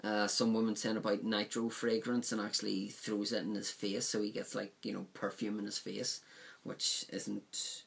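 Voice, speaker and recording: A man's voice: lowish voice, level tone, normal speed, creaky, a bit bright. A man casually reviewing a DVD set, rambling with frequent ums and likes.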